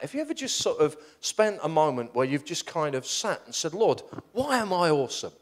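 A middle-aged man, preaching in a storytelling sermon, animated and self-deprecating, rambling with restarts. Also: fairly high pitch, normal speed, few pauses.

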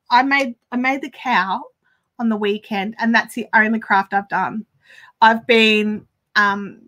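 A woman's voice: a little high, pushed and bright. An Australian woman hosting a crafting livestream, chatting casually in a rambling, good-humoured way with frequent laughs.

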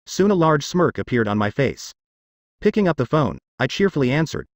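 A male audiobook narrator reads a first-person fantasy story as a wry, sardonic inner monologue. His pitch moves a lot from line to line. The recording is dry and close, with no room sound. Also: big pitch swings, moderate pace, no room sound.

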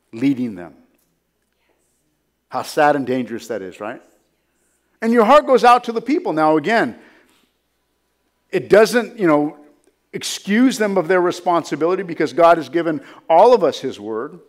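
A male pastor delivering a sermon in a high, lively voice that rises and falls sharply. He preaches emphatically and keeps pulling in his listeners with quick "right?" asides. He sounds middle-aged.

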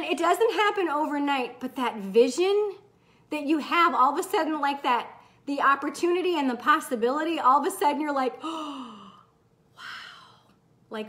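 A middle-aged woman hosting a casual live chat, candid and swearing freely, bursting into excited whoops as she reads comments. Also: sits high. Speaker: host.

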